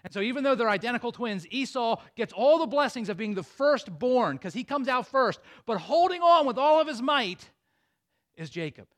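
A male pastor with a high, bright-sounding voice delivers a sermon. He tells the story with energy and drama, breaking off for playful asides to his listeners. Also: normal speed. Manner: animated storytelling with asides to the congregation.

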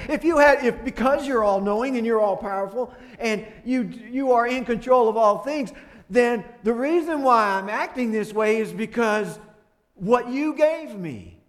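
Guy preaching, kinda high voice, gets loud acting out prayers then goes quiet and soft. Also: unhurried. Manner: animated, rising loud when acting out prayers and dialogue, dropping soft for grief. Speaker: pastor. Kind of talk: sermon.

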